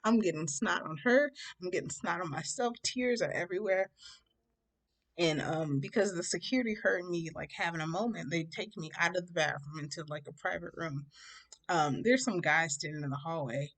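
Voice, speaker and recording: Brief: young woman, lowish voice, dramatic storyteller, laughs as she goes. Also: moderate pace. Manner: animated, dramatic, laughs through the telling. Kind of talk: casual storytime vlog.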